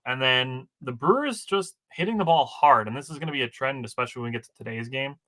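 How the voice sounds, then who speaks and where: A man's voice: mid-range voice, quick pace, pushed and bright. A man co-hosting a casual sports podcast, working through game stats from his notes with dry asides. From Wisconsin. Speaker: podcast co-host.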